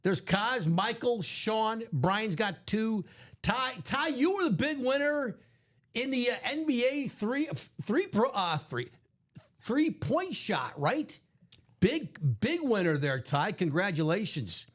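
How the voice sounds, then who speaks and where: A man hosting a live card break stream, upbeat and jokey, reading out names and spots quickly. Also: sits high, big pitch swings.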